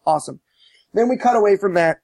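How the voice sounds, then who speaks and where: A man casually recapping a movie on a podcast, animated and profane, mocking as he tells it. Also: high voice, fast talker, gravelly, no echo. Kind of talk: casual chat.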